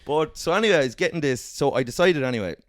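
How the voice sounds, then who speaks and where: A man's voice: on the high side, animated, quick pace, no room sound, studio quality. Rambling, swearing man. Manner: profane, rambling anecdotes, quoting people in raised voices. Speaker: podcast co-host. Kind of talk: casual storytelling chat.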